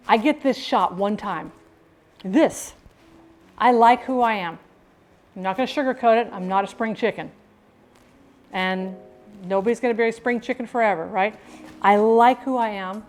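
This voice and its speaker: A woman's voice: mid-range voice, a little slow, long pauses, faint music behind. Chatty, upbeat middle-aged woman streamer. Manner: chatty, upbeat, laughs often. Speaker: live streamer. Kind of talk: casual live-stream chat.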